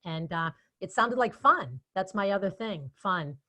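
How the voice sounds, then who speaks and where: A woman's voice: mid-range voice, measured pace. A woman with a Boston accent, a guest speaker chatting casually in an interview and telling stories animatedly. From Boston area. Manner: chatty, animated storytelling with quoted asides. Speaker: guest speaker and event moderator.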